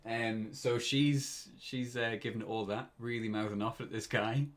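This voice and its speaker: A man's voice: mid-range voice, steady tone, moderate pace. A British man in his twenties telling a story on a casual podcast, often breaking into laughter. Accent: British English. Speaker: podcast co-host.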